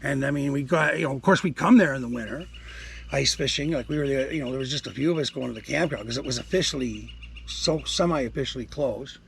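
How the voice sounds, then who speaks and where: A man's voice: mid-range voice, fast, a little hiss or hum. A man in his sixties in a casual outdoor vlog, rambling to viewers and talking to the animals around his campsite. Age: 60s. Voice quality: gravelly, husky. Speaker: vlogger.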